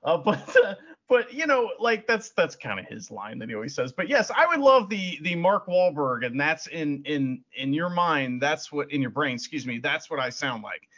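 A man with a husky, bright voice, joking and chatting on a casual podcast. His pitch swings widely as he talks, and the audio is a little dull and lo-fi. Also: very animated, normal speed, hardly any pauses. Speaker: podcast co-host.

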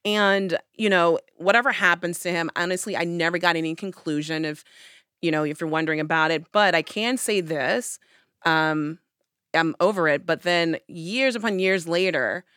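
A woman telling a personal story in casual conversation, acting out her own past lines with lively emphasis. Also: lowish voice, moderate pace, clear, resonant tone, no echo, clean studio sound.

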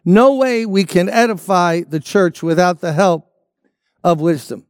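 Preacher guy, high clear voice, repeats stuff for punch. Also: measured pace, no room sound, studio quality. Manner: emphatic preaching with repeated phrases. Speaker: pastor. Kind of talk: sermon.

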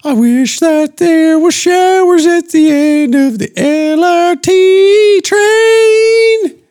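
A man's voice: very high voice, extremely slow, darkish tone, voice pushed up, exaggerated voice. A man putting on the voice of a gushing man daydreaming aloud to an old veteran friend, in a singsong, sarcastic croon. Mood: mock-dreamy.

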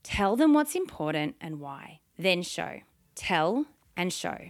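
A woman hosts a solo instructional podcast, coaching her listeners in an upbeat, confident way. Her voice sits lower than most women's, and her sentences land on firm downward inflections. The recording is close and dry. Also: very animated, slow pace, no room sound. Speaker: podcast host and sales coach.

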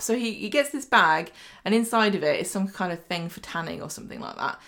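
A woman talks through a soap plot in casual chat, chatty and quick to laugh. Her voice sits at an ordinary middle pitch for a woman. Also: animated, a bit bright. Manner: chatty recapping, acts out quoted lines, laughs often. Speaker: podcast co-host recapping a soap.

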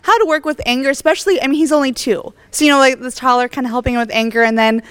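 A woman's voice: high voice, very fast, a bit bright, clean tone, no echo. A young woman, a mother, asking a rambling question at a forum, filled with "like" and "you know". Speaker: audience member asking a question.

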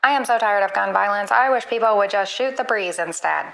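A woman's voice playing an earnest, literal chatbot assistant in a comedy skit, polite and quick to apologize. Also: mid-range voice, vocal fry, a bit bright, low-quality recording.

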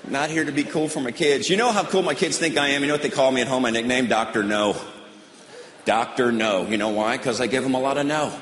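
A middle-aged man doing stand-up comedy on stage with a deadpan drawl, now and then slipping into mocking voices. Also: mid-range voice, fast, a little hiss or hum. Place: large hall on stage. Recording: roomy, long hall reverb, audience ambience.

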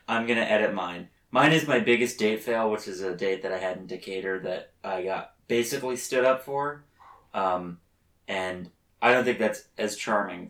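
A man hosting a casual podcast, joking and laughing, often restarting his lines. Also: fairly bright tone. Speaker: podcast host. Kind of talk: casual chat. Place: bedroom. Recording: roomy, distant low-quality recording.

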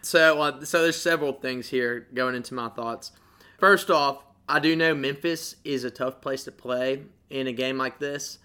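Man, podcast co-host, emphatic, crude humor, sharp bright tone. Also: medium pitch, measured pace, clear, resonant tone. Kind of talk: casual sports betting chat.

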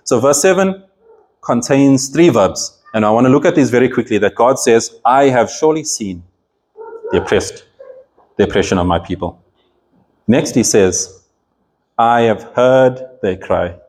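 A man's voice: mid-range voice, lively intonation, measured pace, pauses often, darkish tone. A man preaching a sermon, reading scripture aloud and explaining it with earnest emphasis and frequent restarts.

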